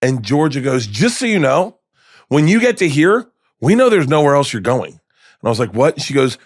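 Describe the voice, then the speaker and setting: A man in his fifties, a comedian guest telling stories in a lively, casual way, acting out the voices in them. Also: mid-range voice, normal speed, no echo, clean studio sound. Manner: animated, acts out voices in his anecdotes, swears casually. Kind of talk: storytelling in casual conversation. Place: podcast studio.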